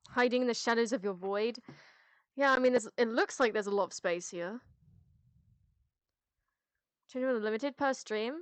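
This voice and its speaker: A woman streaming on a headset mic, chatting with her viewers in a loose, rambling way. Her voice sits a bit higher than most, and she often restarts sentences and swears casually. The sound is close and dry. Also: dry recording. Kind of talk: casual livestream chat, answering chat.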